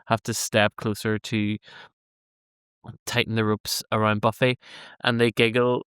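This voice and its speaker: A man's voice: fairly low pitch, flat delivery, unhurried, a bit bright, clear, resonant tone, no echo, studio quality. A man co-hosting a podcast, recapping an episode in casual, sweary chat and laughing often. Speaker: podcast co-host.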